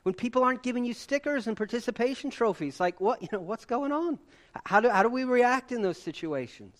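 Animated, high-voiced male preacher. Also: fairly quick. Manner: animated, conversational, rhetorical questions. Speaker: pastor. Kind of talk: sermon.

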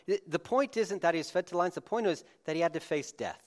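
A man delivering a sermon to a congregation in a meeting room, his voice sitting a little higher than most men's. He speaks in a loose, conversational way, often restarting his sentences and adding side remarks. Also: animated, fast talker, a little mellow. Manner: informal, with frequent restarts and asides. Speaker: preacher.

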